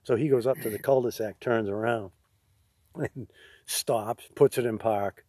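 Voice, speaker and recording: A man's voice: medium pitch, fairly even intonation, unhurried, dark tone. A man, co-hosting a podcast, telling rambling stories and laughing at his own jokes. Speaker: podcast co-host. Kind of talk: casual storytelling chat.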